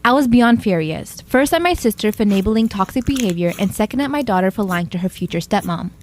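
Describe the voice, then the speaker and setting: A woman reading forum posts aloud in a quick, steady read-aloud delivery. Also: mid-range voice, a little hiss or hum.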